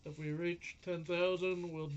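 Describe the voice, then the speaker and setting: A man's voice: high-pitched, little pitch movement, unhurried, slight background noise. A man co-hosting a show, giving matter-of-fact updates on channel goals. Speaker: co-host. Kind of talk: casual announcements. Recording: dull lo-fi sound.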